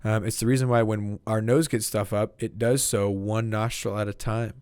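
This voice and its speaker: A man's voice: lowish voice, flat delivery, moderate pace, a little mellow, smooth, dry recording. Rambling young man reading trivia aloud. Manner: rambling, stumbles over words, reads out trivia. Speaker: podcast co-host. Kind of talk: casual chat.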